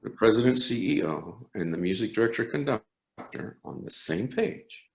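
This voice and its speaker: An older man, a conductor, recounts stories in an interview with animated, rising and falling intonation. He restarts phrases often as he talks. His voice carries a roomy echo. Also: lowish voice, normal speed, creaky. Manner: animated anecdote teller with frequent restarts. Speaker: orchestra conductor. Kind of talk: storytelling interview.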